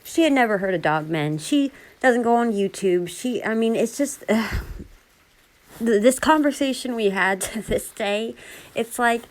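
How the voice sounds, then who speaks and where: A woman casually retelling a bizarre encounter in a chatty, animated way, full of quoted dialogue. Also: on the high side, a little slow. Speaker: storyteller.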